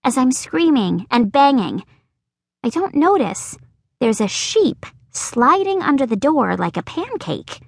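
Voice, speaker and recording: A woman narrating a children's book in a lively, expressive way. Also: high voice, a little slow, gravelly, husky, dry recording, clean studio sound. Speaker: audiobook narrator.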